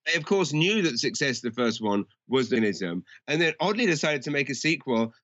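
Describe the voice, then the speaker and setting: A man's voice: mid-range voice, very animated, fast talker, a bit bright, dry recording, muffled recording. Rambling man, dry close mic. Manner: rambling, lots of restarts and fillers. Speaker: podcast co-host. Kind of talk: casual film chat.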